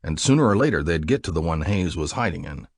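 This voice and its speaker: Deep raspy guy narrating an audiobook, dramatic read, dry close mic. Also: quick pace, dry recording. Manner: expressive, dramatic reading.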